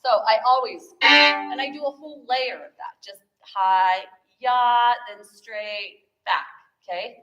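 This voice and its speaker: A woman's voice: fairly high pitch, lively intonation, unhurried, sharp tone, lo-fi sound, faint music behind. A woman teaching a viola masterclass, talking through bowing technique with chatty, encouraging asides. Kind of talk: masterclass coaching. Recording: echoey room with instrument playing.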